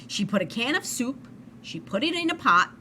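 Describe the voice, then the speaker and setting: A woman reading a children's story aloud in an expressive, animated way. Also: fairly high pitch, normal speed, slight background noise. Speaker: storybook reader.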